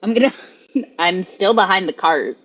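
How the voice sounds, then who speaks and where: A woman's voice: mid-range voice, animated, unhurried, a bit bright, dull audio. A woman playing a tabletop game, casual and giggly, swearing freely. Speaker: player.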